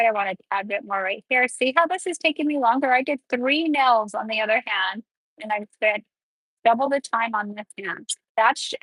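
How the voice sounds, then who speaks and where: Woman nail educator, chatty step-by-step delivery, husky tone, dry close sound. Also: a little high, fairly bright tone, dry recording, low-quality recording. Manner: chatty, explains each step while working. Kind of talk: live nail tutorial.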